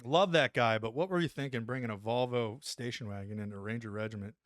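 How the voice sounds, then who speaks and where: A man in his forties, an army veteran guest on a podcast, telling an animated story and tagging lines with "right?". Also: medium pitch, fairly quick, no echo, clean studio sound. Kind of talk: casual storytelling anecdote.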